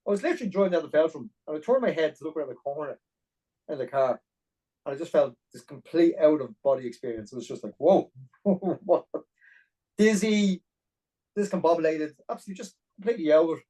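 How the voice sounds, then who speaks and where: A middle-aged Irish man telling a long personal story as a podcast guest, animated and full of detail. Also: a little high, rough recording. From Ireland. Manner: animated, fast-paced anecdotal storytelling. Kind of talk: storytelling interview.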